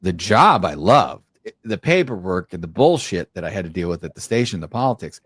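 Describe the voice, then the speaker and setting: A man's voice: sits low, very animated, a little fast, fairly bright tone, breathy edge, dry recording, clean studio sound. A man co-hosting a podcast in casual chat, blunt and swearing freely. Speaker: podcast co-host.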